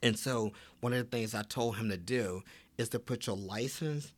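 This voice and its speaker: Animated male podcast guest telling stories. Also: medium pitch, normal speed. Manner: animated, acts out quoted dialogue with fillers. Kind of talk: casual conversational storytelling.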